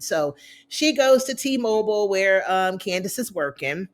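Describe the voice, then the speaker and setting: A woman talks through a TV episode recap in a relaxed, chatty way, her voice sitting at a middle pitch. She fills the gaps with casual asides and slips into the characters' lines as she retells the scenes. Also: measured pace. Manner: conversational with frequent fillers and asides. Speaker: TV recap reviewer.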